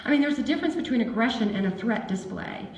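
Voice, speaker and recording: A woman giving a lively, chatty seminar talk on dog behavior to a live audience. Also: on the high side, fast talker, recorded from a distance. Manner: animated and chatty, acts out dog voices. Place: seminar hall. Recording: echoey room with faint ambience.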